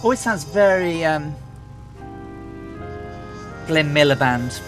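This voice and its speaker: A man's voice: fairly high pitch, animated, takes it slowly, music in the background. A man from England, chatting casually as a livestream host, rambling with lots of fillers and restarts. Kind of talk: casual chat.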